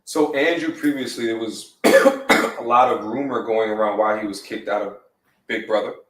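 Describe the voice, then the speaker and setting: A man casually reasoning aloud in a measured way during a group chat. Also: on the low side, fairly bright tone, recorded from a distance. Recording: roomy, off-mic sound.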